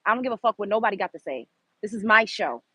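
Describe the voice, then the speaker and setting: Ranting at her live chat without a script, a Brooklyn, New York woman hosts her own show, blunt and profane. She talks quickly in a mid-range, husky voice with lively intonation and a sharp tone, captured in a dry, low-quality recording.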